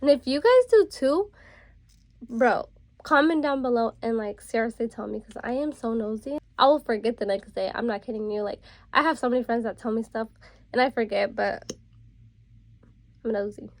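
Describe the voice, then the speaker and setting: Young woman vlogger, casual storytime, slightly high voice, dry close sound. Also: moderate pace, dry recording. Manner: chatty, many fillers like "like" and "bro". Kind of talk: casual storytime while getting ready.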